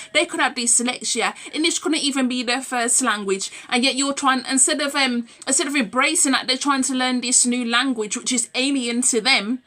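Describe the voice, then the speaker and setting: Young woman ranting at the camera, high bright voice, fired up and swearing. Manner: heated, emphatic, swears. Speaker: vlogger. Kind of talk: direct-to-camera rant.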